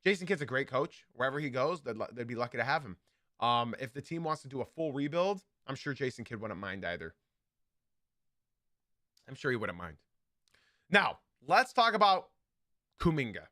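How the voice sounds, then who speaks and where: Animated man hosting a live sports podcast. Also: mid-range voice, moderate pace, long pauses, dry recording, clean studio sound. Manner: animated, emphatic, repeats key points. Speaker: podcast host. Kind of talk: live basketball podcast commentary.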